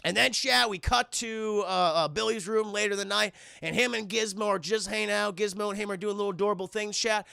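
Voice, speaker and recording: A young man streams a rambling, profane film breakdown and keeps calling out to his chat. His voice sits high with a bright, gravelly edge. The sound is dry and close on a desk mic. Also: fairly even intonation, fairly quick, hardly any pauses, no echo. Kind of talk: casual chat.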